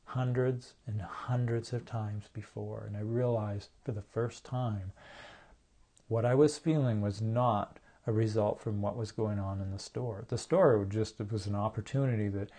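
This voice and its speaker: A man telling a personal story in an earnest, halting way, often repeating words and acting out what people said. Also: fairly low pitch, fairly even intonation, mellow. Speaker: speaker sharing a personal story.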